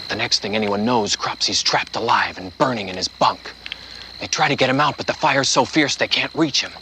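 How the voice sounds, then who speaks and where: A man voicing a gruff campfire storyteller in a put-on accent, telling a camp legend in a low, hushed manner that keeps slipping into whispers. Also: noisy background, lightly acted. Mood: rising frenzy. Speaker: podcast co-host.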